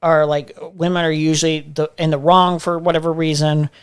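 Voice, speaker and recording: A man's voice: on the high side, level tone, moderate pace, clear, resonant tone. An American man hosting a livestream, chatting casually while reacting to clips, laughing often, swearing and repeating himself. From United States. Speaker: livestream host. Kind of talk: casual reaction stream commentary.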